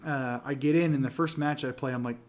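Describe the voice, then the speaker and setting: A man's voice: mid-range voice, steady tone, a little fast, a little mellow. Rambling, laughing gaming podcast guy. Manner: rambling, laughs often, many restarts. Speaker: podcast co-host. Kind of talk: casual gaming podcast chat.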